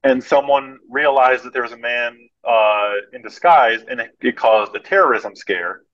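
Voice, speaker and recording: A male podcast guest telling stories in a relaxed, casual way. He is animated and anecdotal, with a voice of ordinary pitch. His audio sounds a little muffled and lo-fi. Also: moderate pace. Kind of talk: casual storytelling.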